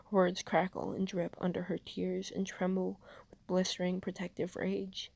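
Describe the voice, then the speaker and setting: Gravelly-voiced woman reading fan fiction. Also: fairly low pitch, completely flat delivery, unhurried, a little mellow, dry recording. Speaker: podfic reader. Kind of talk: fanfiction audiobook narration.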